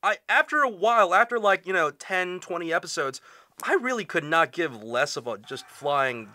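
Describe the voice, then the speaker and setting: Sarcastic guy on an anime panel, high swoopy voice, dramatic. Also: expressive, normal speed, sharp tone, dry recording. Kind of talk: casual panel chat.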